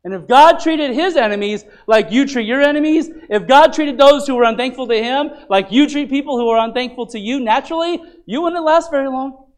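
Passionate preacher man, loud to hushed. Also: brisk. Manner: swings from loud urgent preaching to very soft, low pleading; repeats phrases and restarts mid-sentence. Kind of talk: sermon.

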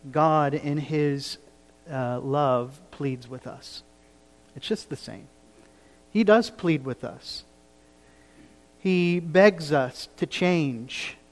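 Earnest male pastor preaching in a reverberant church. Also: on the high side. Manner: pleading, earnest preaching with rising emphasis. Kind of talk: sermon. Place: church sanctuary.

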